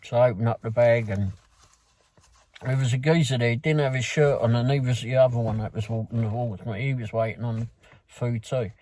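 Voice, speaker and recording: A man's voice: medium pitch, steady tone, a little fast, a little mellow. A man with a London accent, a food delivery driver, casually recapping a night of work in a rambling way, full of fillers and restarts. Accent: London English. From London, England. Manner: rambling, loose storytelling with many fillers and restarts.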